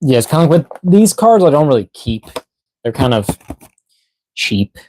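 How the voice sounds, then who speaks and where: A man's voice: fairly high pitch, sing-song, moderate pace, a little mellow, slight background noise. A tired man hosting a toy unboxing live stream, rambling casually with lots of fillers and yawns. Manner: rambling, filler-heavy, reads chat aloud. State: tired, yawning, out of breath.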